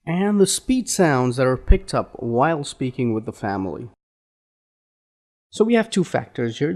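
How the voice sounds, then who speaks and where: Male accent trainer, unhurried instructional delivery, animated slightly high pitch. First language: Indian. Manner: slow, deliberate, drawn-out explanations. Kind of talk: instructional lesson.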